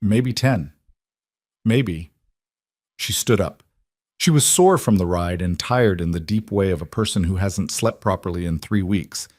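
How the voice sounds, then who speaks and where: A man reads a western romance aloud in calm, scripted narration. His voice is fairly low and sounds close and dry, with no room echo.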